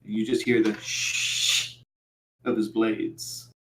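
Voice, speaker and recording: A man narrating as game master for a tabletop game, in a halting style full of fillers. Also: medium pitch, reverberant, background noise.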